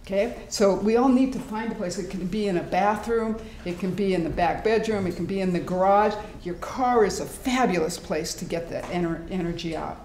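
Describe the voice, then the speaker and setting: A woman presenting a live workshop in a hospital meeting room, animated and demonstrative, acting out sounds and inner voices as she teaches. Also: medium pitch, a little fast, hardly any pauses. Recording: echoey room, faint background noise.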